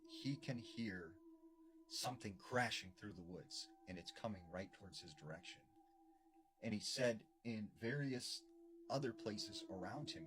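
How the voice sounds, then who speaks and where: A man casually retelling a true encounter story in a loose, conversational way, full of fillers. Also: fairly low pitch. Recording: background noise clearly audible.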